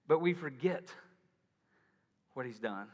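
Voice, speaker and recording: A man preaching a sermon as pastor, in a casual, animated way, acting out quotes. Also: medium pitch, slow, highs cut off. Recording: long hall reverb.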